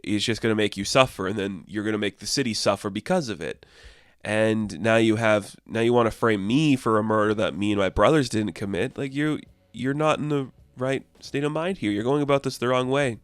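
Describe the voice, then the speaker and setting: A man voicing a calm, wise young male mutant turtle who speaks in a quiet, measured, lecturing way. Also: fairly low pitch, smooth, dry recording, close to an everyday voice.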